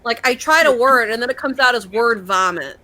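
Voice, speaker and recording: A woman's voice: fairly high pitch, lively intonation, a little fast, bright, forceful tone. A woman co-hosting a casual reaction chat, swearing and tripping over her words while reading text aloud. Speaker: co-host reacting to videos.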